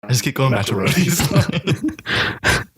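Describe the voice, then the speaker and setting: A man co-hosting a podcast in casual chat, making quick quips and laughing a lot. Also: mid-range voice, very animated, a bit bright, slightly rough. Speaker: podcast co-host. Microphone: studio mic.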